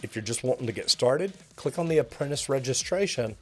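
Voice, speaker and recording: A man's voice: mid-range voice, animated, a little fast, darkish tone, soft background music. A middle-aged man, a master plumber teaching the trade to viewers in an upbeat, direct coaching tone. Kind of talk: instructional video talk to viewers.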